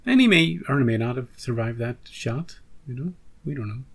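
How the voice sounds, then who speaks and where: A man's voice: mid-range voice, very animated, moderate pace, husky. A man hosting a reaction channel, chatting casually with rambling asides and joking restarts.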